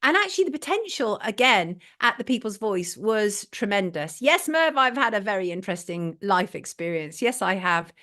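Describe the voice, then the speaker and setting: A woman's voice: medium pitch, sing-song, moderate pace, hardly any pauses, bright, forceful tone. A middle-aged English woman hosting a live online talk show, opinionated and blunt, repeating her points for emphasis and reading out viewer messages.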